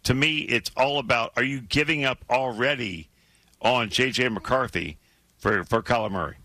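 Hoarse man talking football, bright and dry. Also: mid-range voice, normal speed, no room sound. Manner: emphatic, repeats words. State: losing his voice. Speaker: sports radio co-host. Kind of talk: sports radio talk.

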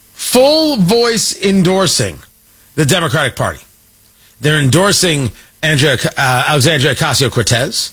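A man's voice: fairly high pitch, fairly bright tone, slightly rough, poor audio. A man delivering an opinionated political monologue, sarcastic and emphatic, repeating points for effect. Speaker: political commentator.

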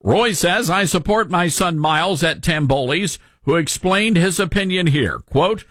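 A man's voice: high-pitched, measured pace, fairly bright tone, no echo. A man hosting a talk radio show, giving mocking, sarcastic commentary into a studio microphone.

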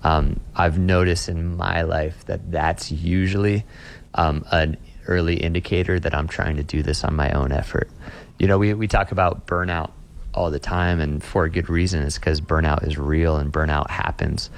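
A man's voice: low-pitched, steady tone, normal speed, vocal fry. A young adult man, a pastor, talking earnestly and reflectively in an interview, often restarting and repeating words as he thinks. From Austin, Texas. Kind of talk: conversational interview.

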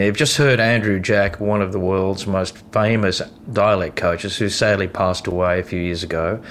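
A man's voice: sits low, a little hiss or hum. A man hosting a radio show, introducing clips and talking straight to the listener in a conversational way. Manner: conversational, addresses the listener directly. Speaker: radio host.

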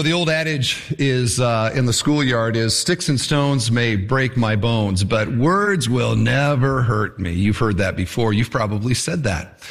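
A man preaching a sermon, reading scripture and acting out mocking voices. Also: medium pitch. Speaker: pastor.

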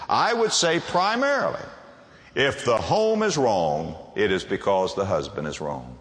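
A man preaching a sermon to a congregation, emphatic and quick to ask them rhetorical questions. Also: on the low side, big pitch swings, fairly bright tone, in a large hall.

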